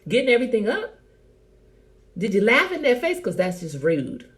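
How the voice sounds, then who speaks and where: Animated middle-aged woman, lively teasing talk. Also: a little high, normal speed. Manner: animated, teasing, talks to viewers by name. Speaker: host. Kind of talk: casual livestream chat.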